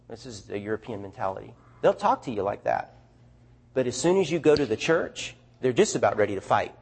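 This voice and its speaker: A man's voice: on the high side, slightly rough. A man with a Southern US accent telling stories to an audience as a missionary speaker, chatty and full of restarts. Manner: animated, chatty storyteller with restarts. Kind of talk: storytelling talk to an audience.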